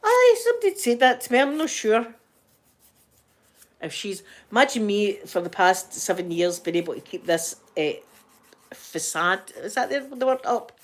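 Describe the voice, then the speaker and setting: A woman's voice: medium pitch, sing-song, moderate pace. A middle-aged woman with a Scottish accent, chatting casually and rambling to her viewers as a channel host, laughing often. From Scotland.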